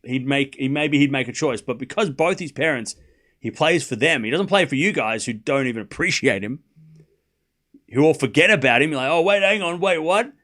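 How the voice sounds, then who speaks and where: Animated Australian man ranting to chat. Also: medium pitch, brisk. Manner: animated, mocking, talks straight to chat. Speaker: livestream tennis host. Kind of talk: casual ranting chat to viewers.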